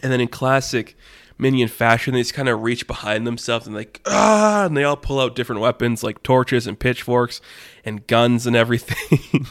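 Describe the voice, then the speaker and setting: A man's voice: medium pitch, fairly even intonation, moderate pace, no echo, studio quality. A man telling an improvised story in a rambling, filler-heavy way, laughing at his own jokes.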